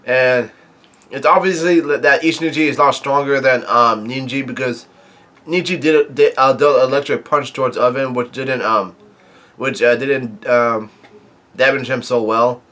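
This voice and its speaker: A man talks through a comic chapter as a casual reviewer, at a middling pitch. He stumbles and restarts often, filling gaps with fillers as he recounts the story. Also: fairly even intonation, fairly bright tone. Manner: halting, many fillers and restarts. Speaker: manga reviewer.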